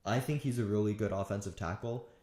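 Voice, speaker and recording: A man's voice: lowish voice, quick pace, warm tone, reverberant. A man talking through football draft picks alone, casual and thinking aloud with frequent restarts. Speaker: sports commentator. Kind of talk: solo draft analysis talk.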